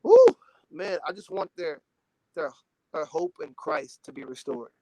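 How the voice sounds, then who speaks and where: Young gospel artist, male, twenties, from Dallas; emotional, animated storyteller, slightly high pitch. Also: normal speed, heavy background noise. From Dallas, Texas. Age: 20s. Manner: earnest and emotional, animated, many "you know"s. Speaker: gospel recording artist, interview guest. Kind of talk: casual interview talk.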